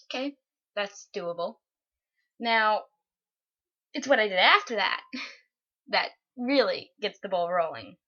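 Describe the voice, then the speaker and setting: A young woman telling a story from her morning in a casual, animated way, often breaking into laughter. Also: mid-range voice, dull audio. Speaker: vlogger.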